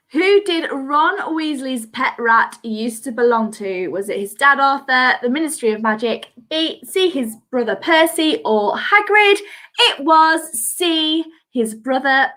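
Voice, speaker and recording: Woman quiz host, higher voice, chatty and giggly, sing-song reading, video call mic. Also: pushed and bright. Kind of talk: casual live quiz hosting. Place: at home.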